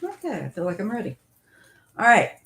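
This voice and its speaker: A woman's voice: medium pitch, wildly swooping pitch, fairly quick, creaky, fairly bright tone. A woman giving a casual live-stream tarot reading, musing and thinking aloud as she goes. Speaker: tarot reader.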